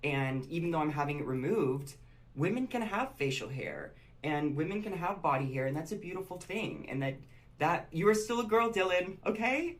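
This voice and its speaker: A woman's voice: low-pitched, animated, normal speed. A woman talking straight to camera in an upbeat vlog style, bubbly and sing-song with chirpy sign-offs. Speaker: social media video creator.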